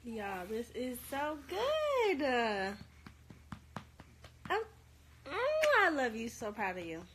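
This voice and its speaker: A woman livestreaming at home with her baby, coaxing her in gentle baby talk and openly emotional. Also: fairly high pitch, very animated, slow, slight background noise. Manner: emotional, easily moved. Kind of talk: casual live stream talk.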